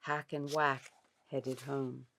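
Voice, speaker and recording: Slow, expressive woman reading a story. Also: very deep voice, no room sound, studio quality. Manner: expressive, unhurried. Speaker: author. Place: studio.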